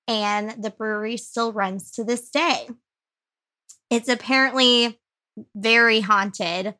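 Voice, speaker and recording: A woman co-hosting a podcast who tells her story in loose, chatty casual talk. Her voice is bright and forward, with a giggly ease and plenty of fillers. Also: fairly high pitch, fairly even intonation, slow pace. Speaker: podcast co-host. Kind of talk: casual chat.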